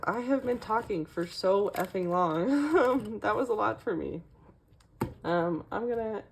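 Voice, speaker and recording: A young woman with a slightly low voice talks casually through her collection. She is chatty and fills gaps with fillers and small laughs. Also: a little hiss or hum. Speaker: K-pop collecting vlogger.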